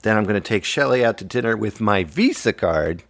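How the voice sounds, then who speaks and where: Joking male co-host, low voice with lively pitch, dry close sound. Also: a little fast, creaky, no room sound. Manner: joking, teasing, playful. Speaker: podcast co-host. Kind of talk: casual chat.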